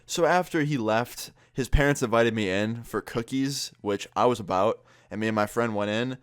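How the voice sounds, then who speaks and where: A man's voice: mid-range voice, moderate pace, smooth, dry recording, studio quality. A young man recounting a prank story in a casual vlog, laid-back, swearing freely and laughing as he goes. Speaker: YouTuber.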